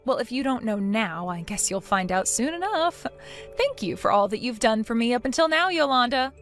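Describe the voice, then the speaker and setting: A woman voicing a defiant daughter-in-law in a text-message story, sarcastic and mocking, with soft music behind. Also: fairly high pitch, sing-song, moderate pace. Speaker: narrator of the story.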